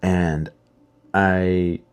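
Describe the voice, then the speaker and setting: A young man with a very low voice talks straight to his audience, telling his story in a loose, rambling way. He swears freely, restarts his sentences and fills the gaps with "like", and he speaks openly about what he felt. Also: little pitch movement, very slow, clean tone. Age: young adult. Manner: rambling, heavy swearing, lots of fillers and restarts; emotional, candid. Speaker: vlogger. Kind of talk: casual storytelling to camera.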